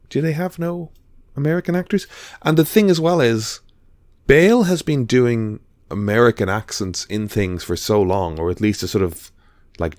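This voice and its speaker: A man co-hosts a podcast, casually chatting about films and rambling with plenty of fillers and restarts. His voice is lowish, and the recording is dry and studio quality.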